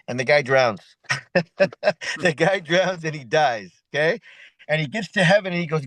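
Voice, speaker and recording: A man's voice: a little high, animated, fairly quick, dry recording, rough recording. A middle-aged man giving a motivational talk as an event host, preachy and repetitive, often adding "right?". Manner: repetitive, preachy, full of 'right?' asides.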